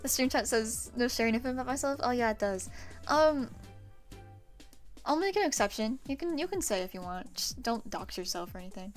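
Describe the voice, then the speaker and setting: A woman's voice: a little high, expressive, a little fast, faint music behind. A woman in her twenties chatting casually with her stream viewers, loose and profane, laughing often. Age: 20s. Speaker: livestreamer.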